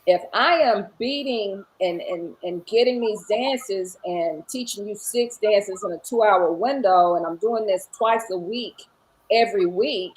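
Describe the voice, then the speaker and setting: A woman's voice: mid-range voice, a little slow, low-quality recording. A woman who teaches line dance and paints murals, chatting in an interview and acting out the dialogue in her stories. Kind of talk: casual interview storytelling.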